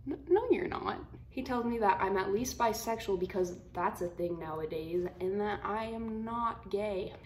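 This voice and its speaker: A twenty-year-old woman vlogging, telling a story to camera in a blunt, slangy, animated way. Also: medium pitch, normal speed, hardly any pauses. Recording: roomy echo, faint room hum.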